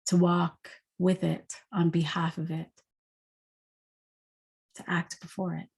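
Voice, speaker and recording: Woman, lowish voice, intuitive forecaster, casual spiritual monologue, reflective, rhetorical questions. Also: little pitch movement, slow pace, creaky, darkish tone, slightly rough.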